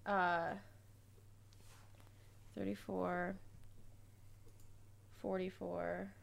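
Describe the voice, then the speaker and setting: Tabletop player, female, very slow and gravelly, faint ambience, counts aloud. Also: lowish voice, little pitch movement. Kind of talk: casual chat at a game table.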